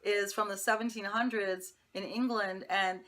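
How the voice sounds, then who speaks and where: A woman's voice: medium pitch, fairly even intonation, moderate pace, a bit bright. A woman reviewing a TV episode, chatty and opinionated, talking straight to her viewers. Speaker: TV show reviewer. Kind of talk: casual episode recap.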